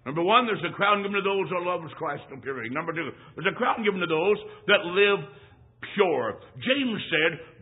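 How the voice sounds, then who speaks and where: High-pitched guy preaching, folksy funny story then shouting scripture, sounds like an old phone-line tape. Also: moderate pace. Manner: folksy, animated, bursts into shouting. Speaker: traveling evangelist. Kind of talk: sermon with humorous storytelling. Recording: tinny phone-like lo-fi recording.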